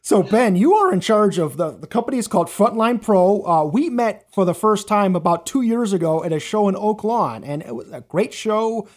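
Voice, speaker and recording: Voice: mid-range voice, sing-song, moderate pace, hardly any pauses. A podcast host who runs through local wrestling news and then questions the guest in a casual, informative way.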